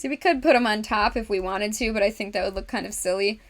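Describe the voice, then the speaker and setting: At medium pitch and a quick pace, a woman hosts a casual craft livestream, chatting with viewers in chat, talking herself through each step, and laughing often.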